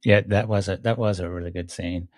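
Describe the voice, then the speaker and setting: A man co-hosting a podcast, retelling movie scenes slowly and hesitantly, with pauses and restarts. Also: low voice, fairly even intonation, darkish tone, no echo, clean studio sound. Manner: hesitant, many ums and restarts, slows when retelling scenes. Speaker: podcast co-host. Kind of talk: casual movie review chat.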